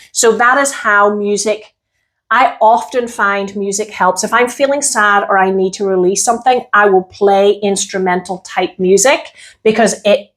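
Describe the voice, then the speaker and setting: An Irish woman in casual chat, rambling and laughing often, acting out her own past lines. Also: mid-range voice. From Ireland. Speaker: podcast co-host.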